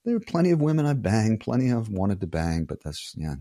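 A man's voice: lowish voice, sing-song, brisk, dark tone, no room sound, clean studio sound. A man in his sixties from the United States, a guest in a casual interview, telling stories bluntly and profanely with rambling restarts. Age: 60s.

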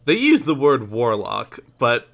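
Male co-host, mid-pitched voice, relaxed and hesitant, casual film chat. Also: measured pace, gravelly. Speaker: podcast co-host. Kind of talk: casual movie review chat.

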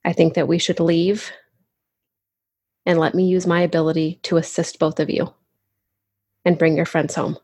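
A woman speaking as her character, a gentle and earnest young woman comforting a friend in a tabletop game. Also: low voice, level tone, moderate pace, long pauses, husky, no echo, clean studio sound.

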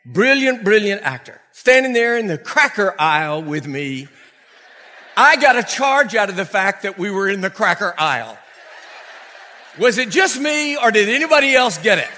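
Older male pastor, bright and tense tone, humorous storytelling sermon, long church reverb. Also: sits high, moderate pace. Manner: animated, humorous storyteller who laughs often. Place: church before a congregation.

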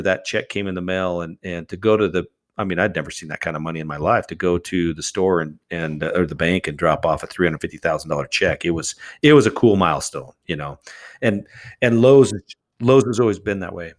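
Animated man telling a story. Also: deep voice, fairly quick. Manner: animated storyteller acting out quoted exchanges. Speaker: charity founder, guest. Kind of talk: casual storytelling interview.

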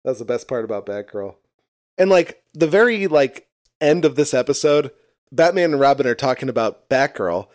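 A man's voice: medium pitch, animated, normal speed, a little mellow, no room sound, clean studio sound. A man co-hosting a casual chat about an old TV episode, mocking and crude, laughing often.

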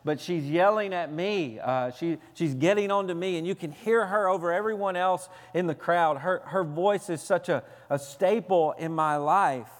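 A man's voice: sits high, moderate pace, hardly any pauses. A man from the Southern United States preaching a sermon as pastor, telling a personal story in an earnest way. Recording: long reverb of a large hall.

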